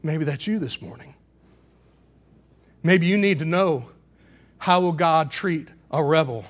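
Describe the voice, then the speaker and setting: A male pastor preaching a sermon to a congregation, swinging between loud passionate outbursts and hushed pleading. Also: on the high side, measured pace. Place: church in front of a congregation.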